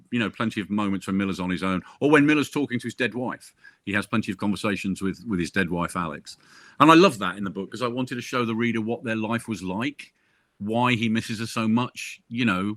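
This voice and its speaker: A lower-pitched man talks with a bright, forceful edge, joking and spinning anecdotes about his writing. He speaks over a video call, and the sound is dry, with almost no room around it. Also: no room sound. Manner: jokey, chatty storyteller. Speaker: crime novelist discussing his book. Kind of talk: casual video-call chat.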